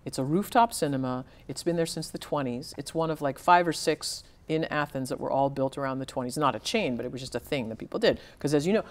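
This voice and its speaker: A woman with a notably low voice talks about her writing in a relaxed interview. She is reflective and unhurried in thought, pausing and restarting as she searches for the right words, with a grounded conversational delivery. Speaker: novelist guest.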